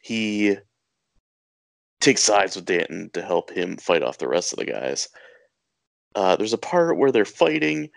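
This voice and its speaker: A young man co-hosting a casual movie chat, easygoing and quick to laugh. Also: fairly low pitch, very animated, gravelly, no room sound. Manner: easygoing, laughs often, says "dude". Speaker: podcast co-host.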